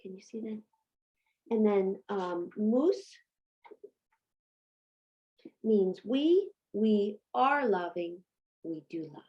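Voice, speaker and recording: A woman's voice: medium pitch, expressive, very slow, pauses often, muffled recording. A woman giving a patient homeschool Latin lesson, asking and answering her own questions. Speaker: Latin teacher.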